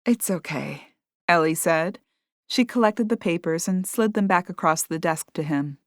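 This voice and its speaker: A woman narrating a cozy mystery audiobook in a steady, clear storytelling voice. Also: fairly low pitch, moderate pace, dry recording, studio quality. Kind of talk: scripted narration.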